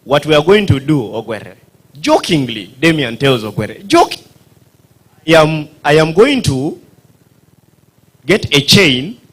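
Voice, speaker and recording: This man from northern Uganda, with a Ugandan accent, does stand-up storytelling at a dinner event, acting out voices and sound effects and quizzing the audience. His voice is a little high and a bit bright.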